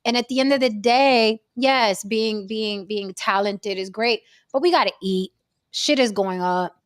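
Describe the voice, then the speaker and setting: A woman, an actress, talking in a casual panel chat in an animated, theatrical way, swearing freely. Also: mid-range voice, measured pace, clear, resonant tone, dry recording, studio quality.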